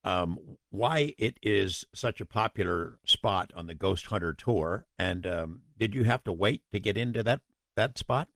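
A man interviewing a guest, asking measured questions with a few hesitations. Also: fairly low pitch, a bit bright, no echo.

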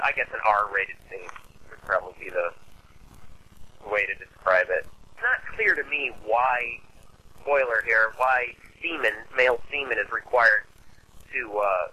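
A man's voice: lowish voice, sharp tone, breathy edge, rough recording. A man in casual conversation, explaining a film's ideas at length in a thoughtful way, with many fillers. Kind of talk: casual film discussion.

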